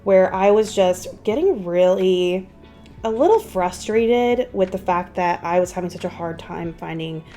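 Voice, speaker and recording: A woman's voice: lowish voice, lively intonation, a little slow, dark tone, soft background music. A young woman vlogger chatting casually to her viewers while doing her makeup at home. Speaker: beauty vlogger. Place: home guest room used as office.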